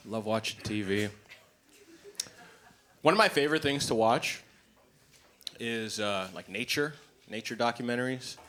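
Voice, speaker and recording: A man doing a stand-up comedy set in a club, blunt, profane and animated. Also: medium pitch, unhurried, long pauses. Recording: live comedy club, noisy ambience.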